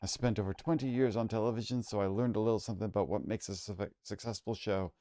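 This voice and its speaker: Washed-up TV star, slurring and bitter, low mellow tone, read by a man. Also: fairly even intonation, quick pace, lightly acted. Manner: slurred, rambling, self-pitying.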